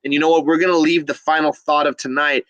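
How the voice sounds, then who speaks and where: A man's voice: on the high side, level tone, fast, fairly bright tone, dry recording, dull audio. A man hosting a casual livestream, upbeat and enthusiastic, reading viewer comments aloud. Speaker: livestream host.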